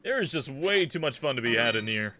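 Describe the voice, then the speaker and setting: A man's voice: medium pitch, big pitch swings, a little fast, pushed and bright, soft background music. A young man casually commenting and joking while playing a game, exclaiming and humming as he goes.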